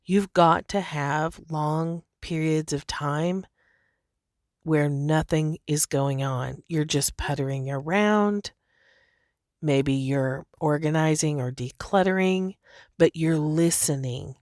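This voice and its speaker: A woman with a low voice hosts a podcast in a loose, chatty monologue. She laughs easily and peppers her talk with "you know" and "like". The recording is dry and close, with no room sound. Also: takes it slowly, darkish tone, no echo. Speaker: podcast host.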